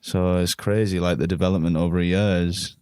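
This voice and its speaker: Laughing storyteller with a deep voice. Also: male voice, fairly quick, smooth, no echo, studio quality. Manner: animated storyteller, laughs often, slangy. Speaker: podcast guest, musician. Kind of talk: casual chat, storytelling.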